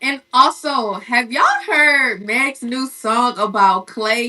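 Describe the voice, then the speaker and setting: A woman's voice: fairly high pitch, slow, few pauses, pushed and bright, distant mic. A woman co-hosting a casual sports and celebrity chat show, talking in a chatty, emphatic way and repeating phrases for effect. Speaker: co-host.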